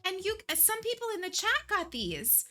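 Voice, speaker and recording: Female livestream host, casual, chatty, emotional, high bright voice. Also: big pitch swings, moderate pace, faint music behind. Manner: gushing, chatty, laughs often. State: emotional, near tears. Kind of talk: casual chat with viewers.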